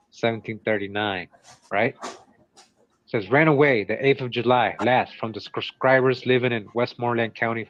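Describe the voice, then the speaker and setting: Casual male co-host reading old notices aloud, stopping to comment. Mid pitch, dry and muffled lo-fi recording. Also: a bit bright, dry recording. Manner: reads old runaway ads, breaks off with asides. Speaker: show co-host. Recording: dull, lo-fi sound.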